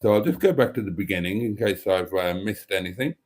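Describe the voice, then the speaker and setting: Man, livestream host, lively swinging pitch, chatty and self-deprecating. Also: fairly quick. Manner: chatty, self-deprecating, reads chat messages aloud. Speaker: livestream host reading chat. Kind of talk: casual live stream chat.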